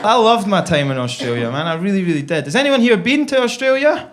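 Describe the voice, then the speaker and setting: A man's voice: high-pitched, very animated, fast, background noise. Brash Scottish man doing stand-up. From Scotland. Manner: brash, swearing, acts out quoted voices. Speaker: stand-up comedian. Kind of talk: stand-up comedy set. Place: comedy club stage with live audience.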